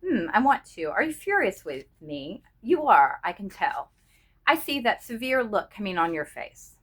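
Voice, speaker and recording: A woman voicing a young pregnant wife who speaks softly and coaxingly, cool on top with fear underneath. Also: mid-range voice, big pitch swings, moderate pace, husky. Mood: pleading. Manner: soft, coaxing, cool yet fearful.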